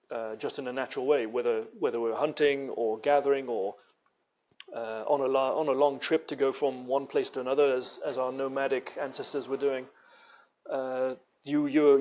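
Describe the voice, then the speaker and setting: A man's voice: mid-range voice, a little mellow. Rambling British man, slightly dull audio. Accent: British English. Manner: rambling, with many restarts and acted quotes. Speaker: guest artist. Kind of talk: casual interview talk.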